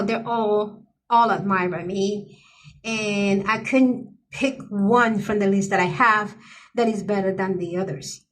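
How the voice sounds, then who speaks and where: A middle-aged woman who runs a coloring channel talks casually to the camera in a fairly high, bright voice with a forceful tone. She gushes to her viewers, heaping effusive praise on other creators.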